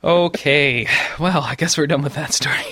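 A man's voice: fairly high pitch, moderate pace, sharp tone, slight background noise. A man hosting a casual gaming podcast, laughing often as he retells news stories. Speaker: podcast host.

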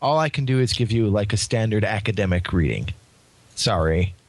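A man's voice: on the low side, lively intonation, moderate pace, dry recording. A man co-hosting a gaming podcast, teasing the others in a sardonic manner. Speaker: podcast co-host. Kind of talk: casual chat.

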